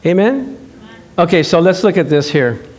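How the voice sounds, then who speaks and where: A male pastor preaching, playful and animated, acting out scenes for his church. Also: sits high, normal speed. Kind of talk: sermon.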